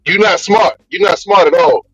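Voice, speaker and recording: A man's voice: sits high, normal speed, a bit bright, husky, dry recording, soft background music. A man on a podcast panel, arguing combatively and repeating himself to needle the other speaker. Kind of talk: heated podcast debate. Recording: dry, dull lo-fi sound.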